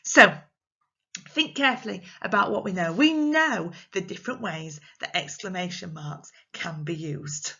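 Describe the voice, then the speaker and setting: A woman teaching young children in a recorded lesson, speaking slowly and clearly with an English accent and acting out her examples in an exaggerated, expressive voice. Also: on the low side, dull audio. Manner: slow, clear, encouraging talk to small children. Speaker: primary school teacher.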